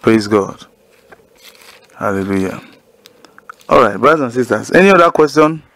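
A man's voice: mid-range voice, animated, moderate pace, gravelly, fairly bright tone. A male preacher, teaching the Bible to callers in an emphatic way and repeating key phrases. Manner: emphatic, repeats key phrases, asks listeners to say lines with him.

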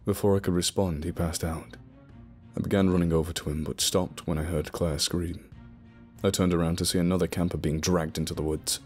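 A man narrating a spooky story in the first person, telling it in a steady, low-key way. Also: brisk. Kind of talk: scripted horror narration. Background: soft music.

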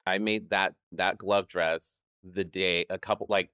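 A man who works as a drag performer, telling lively stories in a studio interview, acting out other people's voices and laughing often. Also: low-pitched, unhurried, clear, resonant tone, no room sound. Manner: animated, acts out quoted voices, laughs often. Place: podcast studio.

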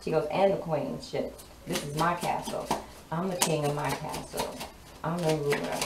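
A woman's voice: low-pitched, fairly even intonation, normal speed. A woman giving a casual tarot reading in a sassy, emphatic way, often repeating her lines for effect. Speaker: tarot card reader. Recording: roomy, distant mic, clear background noise.

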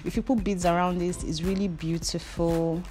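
A young Nigerian woman hairdresser hosting a vlog, telling a casual personal story in an animated way and acting out her inner voices with dramatic flair. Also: fairly low pitch, normal speed, faint music behind. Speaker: hairdresser host.

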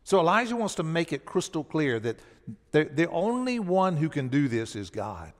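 A man's voice: fairly high pitch, very animated, normal speed, long reverb tail. A man preaching a sermon as pastor. He tells the story with emphasis and often restarts his words. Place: church sanctuary.

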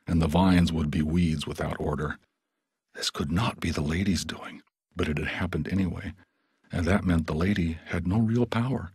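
A man narrating an audiobook in a somber, steady storytelling manner. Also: low voice, slightly rough, dry recording.

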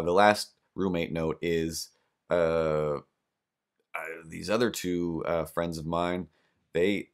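A man hosting a podcast, telling rambling stories with deadpan jokes in a casual, comedic monologue. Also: sits low. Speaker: podcast host.

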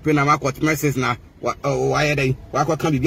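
A man's voice: on the high side, normal speed, gravelly, heavy background noise. A man with a Ghanaian accent delivering a heated, mocking rant to the camera, switching between languages. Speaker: social media personality.

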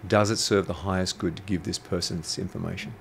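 Speaking quickly in a low, creaky voice and a level tone, a man guests in an interview as an intuitive coach. He's blunt and provocative, swears freely as he tells stories, and there's slight background noise.

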